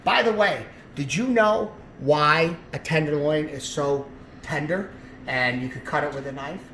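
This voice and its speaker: A man's voice: a little high, measured pace, fairly bright tone, slight background noise. A man, a chef, talking viewers through trimming a tenderloin in a casual cooking demonstration, chatty and asking them questions. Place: kitchen. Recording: echoey room with faint ambience.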